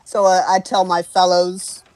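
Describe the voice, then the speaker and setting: A man's voice: high-pitched, monotone, unhurried, a little mellow, slight background noise. A man playing a tabletop game, speaking hesitantly with many fillers. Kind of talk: casual play at a tabletop game.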